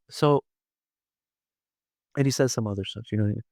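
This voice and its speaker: A man's voice: medium pitch, normal speed, a little mellow, dry recording. Man, casual vlog chat, rambling, fillers and restarts, dry close sound. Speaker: wrestling vlogger. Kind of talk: casual commentary.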